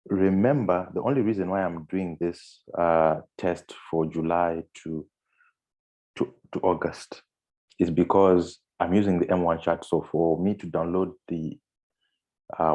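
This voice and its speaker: A man's voice: low-pitched, mellow. A man giving a screen-share trading tutorial, walking through on-screen steps with frequent fillers and restarts. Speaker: trading instructor.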